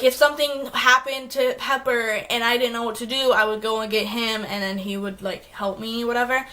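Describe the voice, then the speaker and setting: A woman's voice: fairly high pitch, bright, forceful tone. A young adult woman vlogging, telling a long story casually and filling her talk with "like". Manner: rambling, heavy use of "like" fillers.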